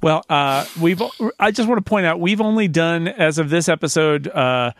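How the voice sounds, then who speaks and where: Halting man hosting a podcast. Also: on the high side, slight background noise. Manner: halting, restarts often, laughs easily. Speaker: podcast host. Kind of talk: casual chat.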